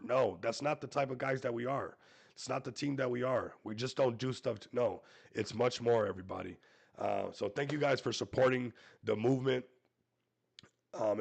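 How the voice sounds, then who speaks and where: A man's voice: medium pitch, vocal fry. A man hosting a crypto live stream, sick with a stuffy nose, hyping a project in a salesy way. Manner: hyped, salesy, repeats "everybody". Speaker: crypto YouTuber host. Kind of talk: live stream promo talk.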